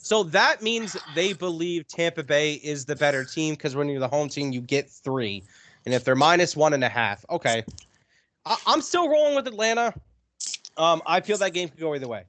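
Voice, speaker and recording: A man's voice: on the high side, moderate pace, a little hiss or hum. A man co-hosting a casual sports podcast, leading the game picks and swearing casually. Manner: animated, swears casually, runs through games. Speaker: podcast co-host running the picks.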